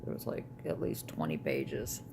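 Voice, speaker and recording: A woman's voice: extremely low pitch, very animated, moderate pace, gravelly, very noisy. An older woman talking casually to camera at home in a personal vlog, rambling with restarts and trailing thoughts. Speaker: vlogger.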